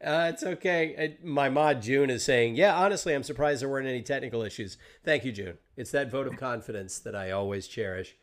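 A man's voice: medium pitch, brisk, few pauses. Joking male podcast host. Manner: joking, self-deprecating, rambling. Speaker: podcast host and Twitch streamer. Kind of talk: casual interview chat. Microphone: video call.

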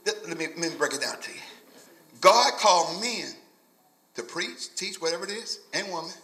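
A man's voice: sits high, expressive, moderate pace, pushed and bright, echoey room. A male pastor preaching a sermon in a rhythmic, repetitive call-and-response style with folksy vernacular phrasing. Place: church sanctuary.

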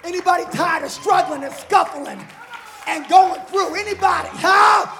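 A man preaching a sermon, shouting and chanting repeated phrases in a live church service. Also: extremely high pitch, normal speed, gravelly. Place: church sanctuary. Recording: live church with music and congregation. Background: organ music and responding crowd.

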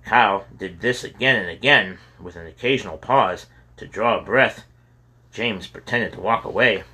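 A man reading a children's adventure story aloud as narrator, steady with occasional stumbles over words. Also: on the low side, moderate pace, husky. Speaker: audiobook narrator.

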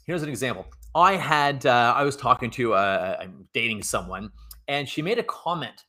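Man at mid pitch, motivational speaker riffing off the cuff, pushy repeated commands, trips over his words. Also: lively intonation, normal speed, sharp tone. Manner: emphatic and repetitive, stacking short commands; frequent stammered restarts. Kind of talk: unscripted motivational monologue.

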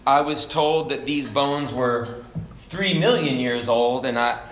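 A preacher voicing a plain-spoken museum worker in a joke, in a low, quick, muttered delivery. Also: male voice, a bit bright, reverberant, poor audio. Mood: matter-of-fact.

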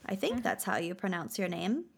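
A woman's voice: medium pitch, big pitch swings, normal speed, creaky, slightly rough. A woman co-hosting a podcast, thanking supporters in a bubbly, giggly casual chat. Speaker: podcast co-host.

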